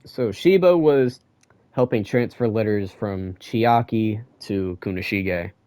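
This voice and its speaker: A young man giving a casual manga chapter review, ranting and excitable and full of slang. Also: fairly low pitch, takes it slowly, clear, resonant tone, no room sound.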